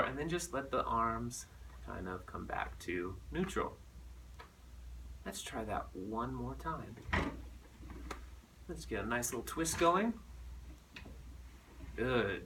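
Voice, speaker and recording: A man teaching a recorded music lesson to children, animated and playful as he demonstrates. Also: medium pitch, takes it slowly, long pauses, recorded from a distance, slight background noise.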